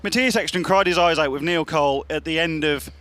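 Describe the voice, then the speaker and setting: A male co-commentator, a little out of breath, telling quick stories on a live broadcast. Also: fairly high pitch, fairly bright tone, clear, resonant tone, no room sound. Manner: quick storytelling, teasing. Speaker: rallycross co-commentator. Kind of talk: casual live broadcast chat.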